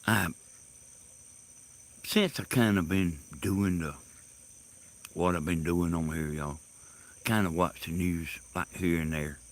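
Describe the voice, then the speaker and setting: Rambling man, low voice. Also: fairly even intonation. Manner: rambling, halting, laughs loudly at own stories. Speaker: host. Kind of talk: casual storytelling monologue. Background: crickets and insects.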